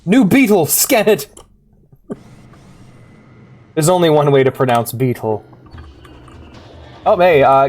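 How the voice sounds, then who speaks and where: A man streaming a video game, chatting casually, swearing and reading in-game logs aloud in bursts of excitement. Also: fairly high pitch, slow pace, pauses often, faint music behind.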